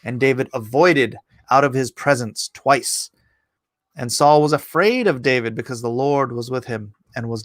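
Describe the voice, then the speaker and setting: A man's voice: medium pitch, dry recording. A man reading scripture aloud on a casual livestream, breaking off to joke and greet chat viewers by name. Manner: laughs at his own asides.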